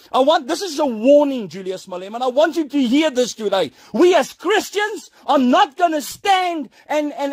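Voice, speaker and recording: A man preaching a stern, angry warning, repeating his points. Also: extremely high pitch. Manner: fiery, stern and repetitive. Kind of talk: angry video sermon.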